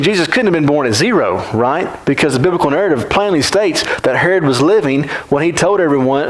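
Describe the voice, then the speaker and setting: A man's voice: a little high, poor audio. A man teaching a Bible class in a church classroom, talking conversationally and often checking in with the class by asking "right?".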